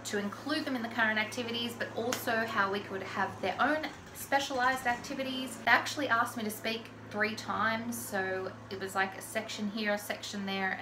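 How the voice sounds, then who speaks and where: A woman's voice: medium pitch, background noise. An Australian woman chatting casually through a personal story, with lots of "like" fillers. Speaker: vlogger telling a personal story. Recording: echoey room. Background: lawn mower faintly outside.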